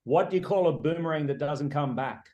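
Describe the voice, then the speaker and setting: Brief: easygoing Australian auctioneer with a lightly raised pitch, cracking jokes on a video call. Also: male voice, a little fast, warm tone, muffled recording. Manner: cheerful, joking, easygoing. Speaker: auctioneer and fundraising consultant. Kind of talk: casual panel chat.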